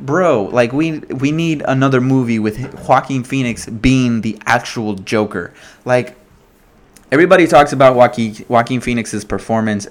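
A man hosting a casual solo commentary, talking in an animated way with lots of swearing, fillers and restarts. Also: mid-range voice. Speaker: podcast host.

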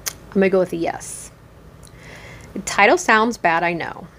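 A woman's voice: mid-range voice, measured pace, a bit bright, slight background noise. An American woman hosts a laid-back podcast. She reads posts aloud and comments in a loose, chatty way, full of ums, false starts and sarcastic asides. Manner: chatty, with frequent ums and restarts. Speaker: podcast host. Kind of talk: casual podcast reading Reddit posts.

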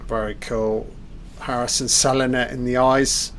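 A man's voice: mid-range voice, little pitch movement, a little slow, a bit bright, a little hiss or hum. A man giving a loose, off-the-cuff film commentary, reacting aloud and swearing at the scenes.

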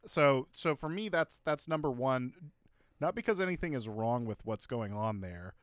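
A man co-hosting a casual comedy podcast, ranting emphatically with profanity and sudden loud bursts. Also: mid-range voice, expressive, moderate pace, no room sound, studio quality. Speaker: podcast co-host.

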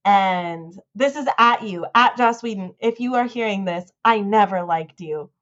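A woman co-hosting a casual podcast, talking in excited, rambling fan rants. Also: medium pitch, unhurried, dull audio. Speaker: podcast co-host.

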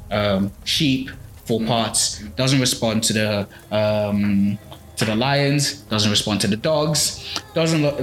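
A man's voice: mid-range voice, fairly bright tone, a little hiss or hum. A man casually retelling a folk tale on a podcast, with loose phrasing, plenty of fillers and restarts. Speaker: podcast storyteller. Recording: echoey room with faint music.

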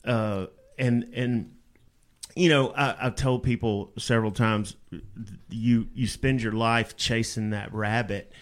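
A male rock vocalist tells stories in a casual interview, blunt and rambling with plenty of swearing. His voice sits at an ordinary middle pitch. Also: steady tone, takes it slowly.

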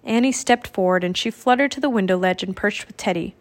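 A woman narrating a children's audiobook with clear, expressive storytelling. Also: mid-range voice, brisk. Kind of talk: audiobook reading.

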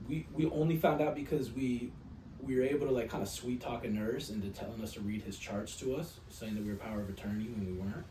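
Laid-back swearing man in a roomy room. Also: medium pitch. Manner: profane, rambling storyteller. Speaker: podcast co-host. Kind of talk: casual chat. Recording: roomy, distant mic, faint noise.

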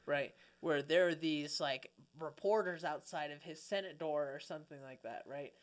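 A man co-hosting a podcast in casual comedic chat, animated and profane, rambling with many restarts. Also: on the high side, moderate pace. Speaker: podcast co-host.

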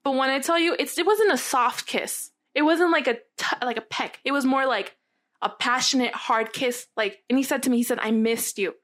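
A woman's voice: high voice, moderate pace, fairly bright tone. Chatty young woman rambling through a story. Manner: rambling, heavy use of "like", candid and swearing. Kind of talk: casual storytime chat.

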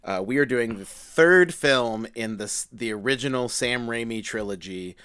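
A man's voice: mid-range voice, moderate pace, fairly bright tone, smooth. A man co-hosting a casual film podcast, chatty and playful, often restarting his sentences. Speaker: podcast co-host. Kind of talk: casual chat.

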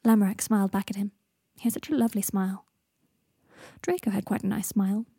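Gravelly, husky woman narrating. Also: medium pitch, steady tone, fast talker, dark tone, no room sound, studio quality. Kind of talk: audiobook reading of fan fiction.

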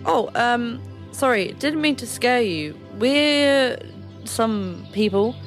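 Halting, playful woman at the game table. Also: a little high, lively intonation, faint music behind. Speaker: player. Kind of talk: casual tabletop play.

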